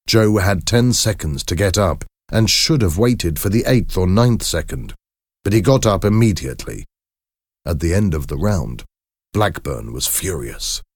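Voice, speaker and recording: A man reading a story aloud as narrator, in clear, measured storytelling with dramatic emphasis. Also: low-pitched, a little mellow, no room sound, studio quality. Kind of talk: scripted audiobook narration.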